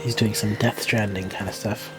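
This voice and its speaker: A man's voice: fairly low pitch, flat delivery, moderate pace. Man commentating his playthrough, casual and jokey, music bed behind. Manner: joking, easily surprised. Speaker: gaming streamer. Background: game music and sound.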